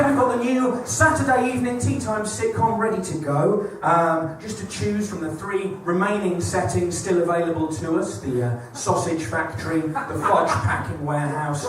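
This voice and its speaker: A man's voice: sits high, background noise. A man performing stand-up comedy live in a small club, with a wry, ironic delivery and repeated setups. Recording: echoey room, mic at a distance.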